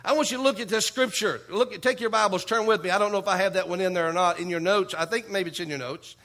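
A man preaching a sermon, dropping a repeated "okay?" and calling for amens, reading scripture slowly and with emphasis. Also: sits high, bright, forceful tone. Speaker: pastor.

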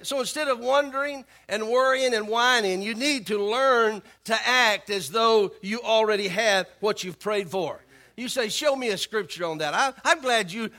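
Bright high-voiced male pastor preaching. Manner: call-and-response preaching, repeats phrases; animated, acts out voices of worried believers. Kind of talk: sermon.

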